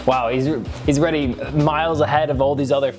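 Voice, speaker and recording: A man's voice: on the high side, level tone, a little fast, music in the background. A man reviewing a reality show, sarcastic and crude, laughing often at the clips. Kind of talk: comedic commentary over clips.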